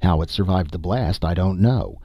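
A man voicing a calm, grim male expedition leader who explains things in a measured way, in an audiobook. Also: low voice, breathy edge, no room sound, dull audio.

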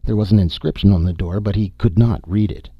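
Male narrator, very deep, husky, dry close sound, dull lo-fi audiobook recording. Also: steady tone, brisk, no echo. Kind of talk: scripted narration.

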